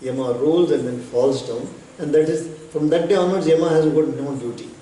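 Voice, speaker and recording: A man, a spiritual teacher telling a devotional story in an unhurried way, with pauses and bits of chanting. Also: fairly high pitch, dark tone. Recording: echoey hall, distant mic, faint noise.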